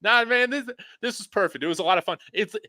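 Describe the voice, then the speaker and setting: A man guesting on a casual sports talk show, easygoing, with quick laughs between points. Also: sits high, bright, forceful tone, dry recording.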